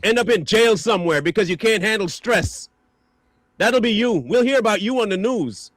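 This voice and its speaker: High voiced guy ranting and trashing people on his stream, super dry sound. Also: animated, normal speed, a bit bright, dry recording. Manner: insulting, mocking rant. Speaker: stream host. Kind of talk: angry reaction commentary.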